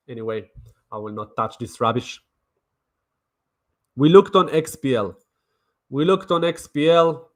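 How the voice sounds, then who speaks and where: A man's voice: mid-range voice, pushed and bright. A man streaming crypto trading commentary in a brash, mocking way, swearing and repeating himself. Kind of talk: casual livestream commentary.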